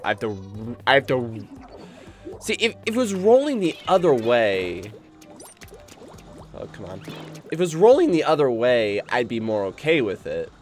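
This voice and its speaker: A man commentating his own gameplay on a live stream, excitable and rambling, easily spooked by the game, with game music behind him. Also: medium pitch, measured pace, pauses often. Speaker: gaming streamer.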